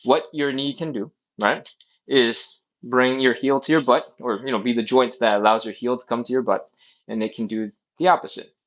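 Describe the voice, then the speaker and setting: A man's voice: medium pitch, steady tone, moderate pace, muffled recording. A man teaching a live stretching class, explaining casually with plenty of tangents. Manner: rambling explanations with many tangents. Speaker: stretching instructor. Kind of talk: casual live-stream coaching.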